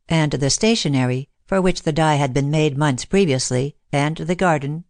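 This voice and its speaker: A woman narrating an audiobook chapter in a measured, unhurried way. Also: deep voice, darkish tone, no echo, studio quality. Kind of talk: scripted narration.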